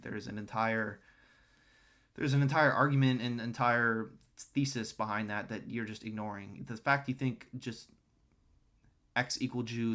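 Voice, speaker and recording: A man's voice: lowish voice, a bit bright. A man ranting scornfully and profanely while reacting to video clips. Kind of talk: crude reaction commentary.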